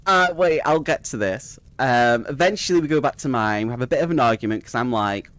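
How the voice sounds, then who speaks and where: A man's voice: mid-range voice, animated, a little fast, fairly bright tone, no echo. A young man casually telling a rambling personal story, swearing freely and laughing at it as he goes. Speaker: streamer.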